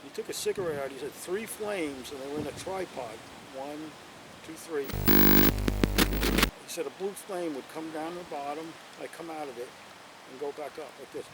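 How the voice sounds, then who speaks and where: A man's voice: on the high side, normal speed. A man telling a long story in a rambling, casual way, with lots of "you know" and restarts, outdoors at night. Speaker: interviewee telling a local story. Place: outdoors at night near a bonfire. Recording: distant mic, loud wind and outdoor noise.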